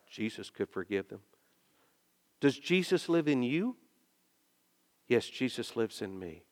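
A male pastor preaching a sermon and telling stories, dropping soft and then rising into loud, emphatic bursts. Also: medium pitch. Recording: long reverb of a large hall.

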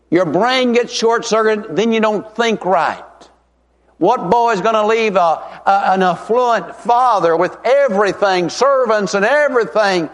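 A middle-aged man, preaching a revival sermon as an evangelist in a folksy, emphatic way, stretching out key words. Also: high-pitched. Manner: folksy, emphatic, drawn-out stresses. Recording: long reverb of a large hall.

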